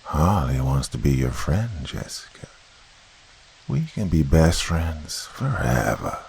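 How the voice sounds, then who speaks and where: A man's voice: rumbling low, very animated, slow pace, gravelly, darkish tone, a little hiss or hum, full character voice. A man voicing a shadowy demon with a childlike, mocking, whispered voice, in a horror story reading.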